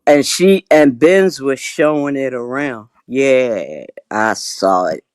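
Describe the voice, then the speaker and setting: A man's voice: medium pitch, animated, slow, clear, resonant tone, dry recording, studio quality. A man on a livestream panel over an online call, taunting and insistent as he spills gossip. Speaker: panel participant. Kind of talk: confrontational livestream panel talk.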